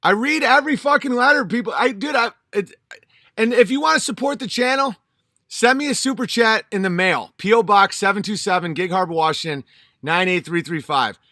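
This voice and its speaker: A man's voice: sits high, fairly quick, bright, forceful tone, no room sound, studio quality. A man in his thirties, a channel host, delivering an angry, profane and emphatic vlog monologue.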